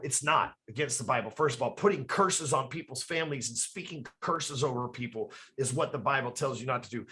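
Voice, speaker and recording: Man, podcast guest, swears freely, rambling, emphatic, slightly high voice, bright edge. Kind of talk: casual podcast conversation. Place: his office.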